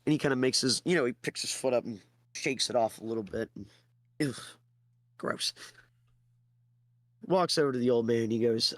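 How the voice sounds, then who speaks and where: A man's voice: medium pitch, normal speed, long pauses, no room sound. A tired man narrating a tabletop game as game master, casual and hesitant with fillers.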